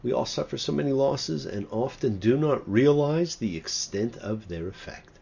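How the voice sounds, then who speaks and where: A man's voice: medium pitch, animated, normal speed, creaky, dark tone, husky, muffled recording. A man, a rabbi, giving a sermon-style talk on his show, reading scripture with dramatic, emphatic swings.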